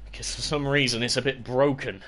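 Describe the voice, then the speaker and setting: A man's voice: mid-range voice, fairly quick, a little hiss or hum. A young British man streaming a zombie game, chatting to viewers and yelping and cursing at the game. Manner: excitable, yelps and shouts at the game, chats to viewers. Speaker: livestreamer. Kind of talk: casual gaming livestream commentary.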